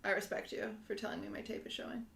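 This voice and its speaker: Young woman podcast co-host, mid-pitched voice, casual chat with rambling, emotional storytelling. She laughs easily and gets carried away by her own story. The sound bounces around a roomy, echoey space. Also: fairly even intonation, quick pace, vocal fry, a bit bright. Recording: echoey room.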